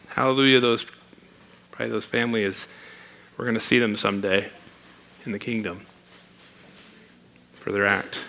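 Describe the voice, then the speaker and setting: A man's voice: lowish voice, steady tone, moderate pace, gravelly, pauses often, bright, forceful tone. A man preaching a sermon in a conversational, emphatic way, reading scripture aloud.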